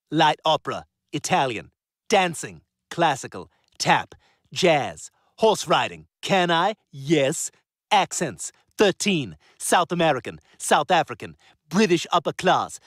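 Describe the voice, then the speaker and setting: A man voicing a loud, overeager young hopeful at an audition, bragging in rapid-fire bursts. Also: a little high, no echo, clean studio sound.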